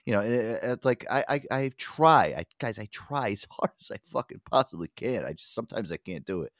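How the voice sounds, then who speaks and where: A man's voice: mid-range voice, lively intonation, brisk, no echo, clean studio sound. A middle-aged man co-hosting a casual podcast, telling a workplace story full of profanity and acted-out quotes. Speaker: co-host.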